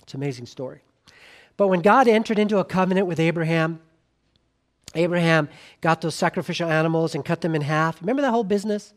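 Earnest male preacher, soft closing appeals. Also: fairly high pitch, fast talker. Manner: earnest, swings from loud emphasis to soft quiet appeals. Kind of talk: sermon.

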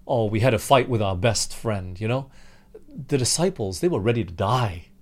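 A man preaching a sermon, talking directly to the congregation and acting out desperate pleas to God in a raised, urgent voice. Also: moderate pace. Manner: animated, acts out the disciples' pleas with raised pitch.

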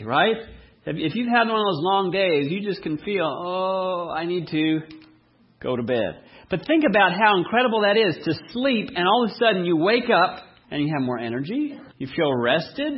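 A man preaching a sermon, asking the congregation questions and telling lively everyday stories. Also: high voice, breathy edge, dull audio. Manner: asks the audience rhetorical questions, animated storytelling. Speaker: pastor.

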